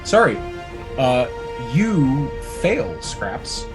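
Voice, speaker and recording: A man serves as game master, narrating combat in a loose, chatty way full of fillers. His voice sits at an ordinary middle pitch. Music plays clearly behind him. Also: big pitch swings, drawn-out words. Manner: casual, descriptive, many fillers.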